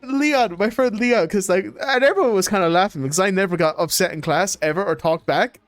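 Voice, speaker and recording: A young Irish man in his twenties telling animated stories in casual chat as a streamer, laughing often. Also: sits high, fairly quick, no room sound.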